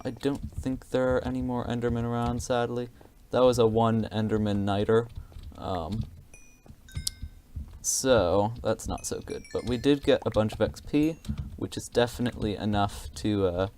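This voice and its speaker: A man's voice: lowish voice, darkish tone, slight background noise. A man giving casual, rambling gameplay commentary, hesitant and self-deprecating, with many fillers.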